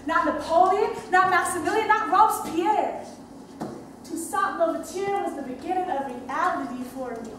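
A woman's voice: very high-pitched, moderate pace, a bit bright, a little hiss or hum. A young woman performing a dramatic monologue on stage, telling her story in a vivid, playful way. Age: young adult. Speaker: stage actress. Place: theater stage. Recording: very echoey stage from far off.

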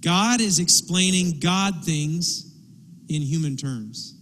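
A man with a notably high voice delivers an impassioned church sermon. He acts out desperate pleas in character as he preaches. The sound carries a long reverb from the church hall. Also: slow, a bit bright. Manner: impassioned preaching, acting out pleading quotes. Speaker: pastor. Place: church sanctuary.

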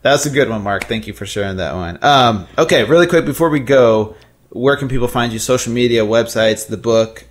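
A man's voice: medium pitch, fairly quick. A man co-hosting a podcast, affirming the guest in a friendly way. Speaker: podcast co-host. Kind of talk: casual interview talk.

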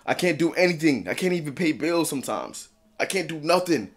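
A young man in his twenties, a content creator, ranting in a distraught vlog that swings from low muttering to loud shouting. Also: lively intonation, a little fast, few pauses, faint music behind. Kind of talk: emotional vlog rant.

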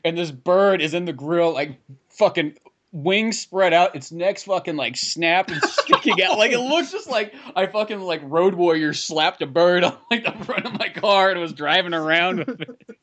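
A man co-hosting a podcast, telling quick joking stories in casual chat and swearing a lot. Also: sits high, animated, fairly bright tone. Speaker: podcast co-host.

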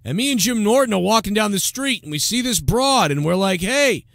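A man doing a brash high-pitched party-boy host. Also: lively intonation, a little fast, vocal fry, a bit bright, no room sound, clean studio sound, exaggerated voice. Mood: rowdy. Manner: brash, rowdy, laughing braggadocio. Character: boisterous beer-drinking male radio host, crude and cocky. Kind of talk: mocking impression.

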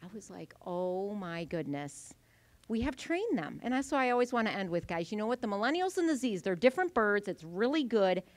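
Woman in her forties, keynote-style workshop talk, bright and expressive, acts out anecdotes, close dry mic. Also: fairly high pitch, quick pace, few pauses, no echo. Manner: animated storytelling, acting out voices. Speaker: conference speaker. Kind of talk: lively conference presentation. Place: event venue.

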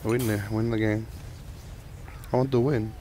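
This lowish-voiced gamer, throat sore, keeps up measured, jokey commentary on his gameplay. He gets excitable, chatting with teammates and himself, with faint background noise.

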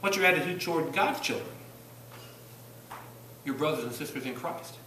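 A man preaching a sermon in a church, asking rhetorical questions, rising to loud bursts and dropping low. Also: expressive, normal speed, a little hiss or hum. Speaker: pastor. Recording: echoey church room from a distance.

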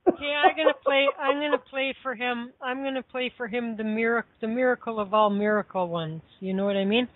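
A woman's voice: fairly high pitch, a little fast, no echo. A woman chatting casually, rambling with lots of fillers and restarts. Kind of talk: casual chat. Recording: tinny phone line.

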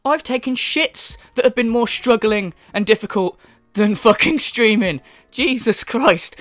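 Sarcastic man ranting, lively pitch. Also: a little slow, no room sound, soft background music. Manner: sarcastic, profane, exasperated. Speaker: commentary YouTuber. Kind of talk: ranting reaction commentary.

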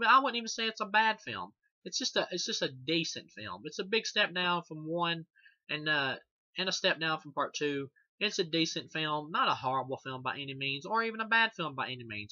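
Guy ranting about a horror flick, swears a ton, kinda high tense voice, dull dry mic. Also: pushed and bright, no room sound. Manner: rambling and profane, many fillers and restarts; laughs often at the film. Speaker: horror movie reviewer. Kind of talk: casual spoken film review.

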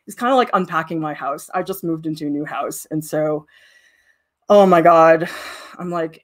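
A woman's voice: medium pitch, big pitch swings, normal speed, a bit bright. Chatty woman art teacher. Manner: chatty, laughing, self-deprecating asides. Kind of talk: live drawing demo with chat.

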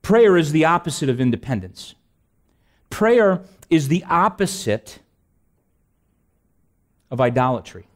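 A man's voice: on the high side, very animated, measured pace, pauses often. A male pastor preaching a conversational sermon, asking rhetorical questions and repeating phrases, with self-deprecating asides. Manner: self-deprecating humor, frequent restarts.

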